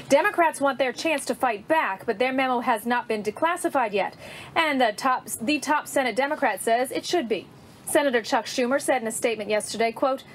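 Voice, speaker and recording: A woman correspondent giving a scripted news report in a steady, even delivery. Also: fairly high pitch, slight background noise.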